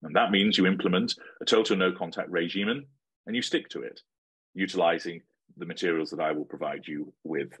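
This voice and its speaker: A middle-aged man speaks in a very low, husky voice. He answers interview questions in a measured, assertive way, laying out his points like a lecture. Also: fairly even intonation, a bit bright. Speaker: interviewee giving advice.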